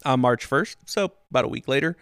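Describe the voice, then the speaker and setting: A man's voice: mid-range voice, expressive, brisk, a bit bright, smooth, no room sound, studio quality. A man hosting a podcast, telling history casually and animatedly, with swearing and silly quoted voices. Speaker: podcast host.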